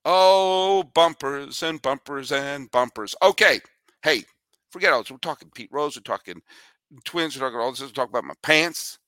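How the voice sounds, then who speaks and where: A man's voice: medium pitch, normal speed, clear, resonant tone, no echo. A man hosting a baseball podcast, talking animatedly with rants and jokes, including a read-through ad. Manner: animated, ranting, joking. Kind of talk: energetic sports talk with ad read.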